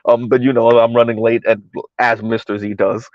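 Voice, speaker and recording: A man hosts a casual livestream, discussing social topics and reading chat messages aloud while repeating words as he goes. His medium-pitched voice is flat and moderately paced, with no echo, in dull lo-fi audio.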